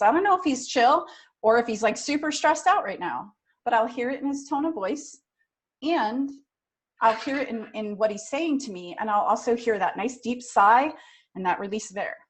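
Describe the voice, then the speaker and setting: A middle-aged woman runs a training session for front office staff. She talks in a direct, energetic coaching tone, and her voice sits a little high. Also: moderate pace. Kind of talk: training talk.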